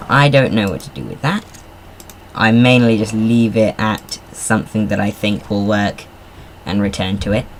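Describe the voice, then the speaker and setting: A man's voice: on the low side, slight background noise. Chatty man narrating gameplay. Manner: rambling, chatty, self-deprecating asides. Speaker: gamer. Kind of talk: casual gameplay commentary.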